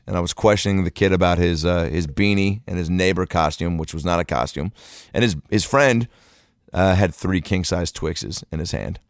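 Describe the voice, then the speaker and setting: A man's voice: low-pitched, dry recording, studio quality. A man telling a comedic story in a loose, profane, rambling way.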